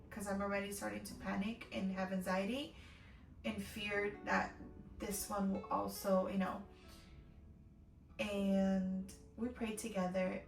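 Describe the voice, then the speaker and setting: A woman's voice: mid-range voice, gravelly, far from the mic. A woman telling a personal faith testimony in a vlog, emotionally acting out what she said and thought. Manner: emotional, acts out her own quoted words. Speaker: faith vlogger. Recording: roomy echo, voice from off-mic, faint music.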